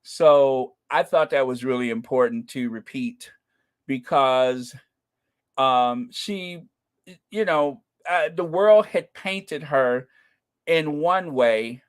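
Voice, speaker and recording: A man hosting a casual live stream, gushing and excitable as he talks to viewers and reads their comments, with a runny nose and frequent throat-clearing. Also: medium pitch, takes it slowly. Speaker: channel host.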